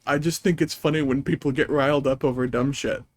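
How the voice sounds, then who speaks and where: A man's voice: mid-range voice, steady tone, a little fast. A man streaming a game, chatting in a rambling, amused way as he tells stories. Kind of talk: casual chat while gaming.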